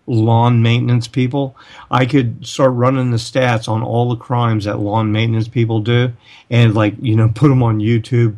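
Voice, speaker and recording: A man's voice: medium pitch, a little mellow. A middle-aged man hosting a talk radio show, rambling in casual conversation, stumbling over repeated words and acting out quoted dialogue. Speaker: radio host.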